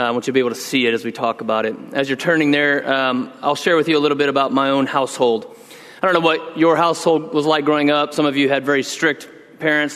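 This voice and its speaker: A middle-aged man preaching a sermon, telling animated stories about scolding his kids at home. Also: a little high. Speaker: pastor. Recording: long reverb of a large hall.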